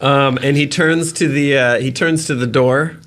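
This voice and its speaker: A man narrating as dungeon master in a tabletop game, slowly painting vivid, gross scene details and laughing at them. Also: medium pitch, fairly even intonation, a bit bright, slight background noise.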